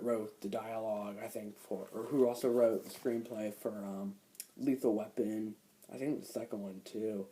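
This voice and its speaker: A man's voice: fairly low pitch, warm tone, a little hiss or hum, low-quality recording. A young man casually reviewing a film, retelling scenes in a rambling way, full of fillers and "like.". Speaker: movie reviewer.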